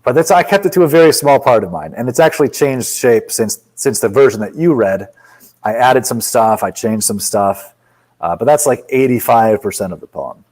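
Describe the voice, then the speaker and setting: A man's voice: mid-range voice, lively intonation, moderate pace, darkish tone, low-quality recording. A man, a poet and author, talking bluntly and with strong opinions as a guest in a casual interview.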